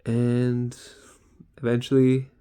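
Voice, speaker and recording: A man's voice: medium pitch, completely flat delivery, slow pace, warm tone, clear, resonant tone. A young man, a student care worker, chatting casually in a vlog diary, rambling and acting out sounds.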